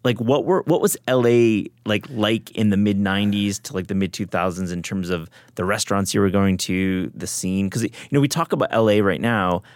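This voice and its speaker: A man with a deep, low voice hosts an interview in a relaxed, encouraging way. He asks conversational questions and fills the pauses with short agreeing sounds. The recording is dry and close. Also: no echo. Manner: relaxed, encouraging, frequent backchannels. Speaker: podcast host.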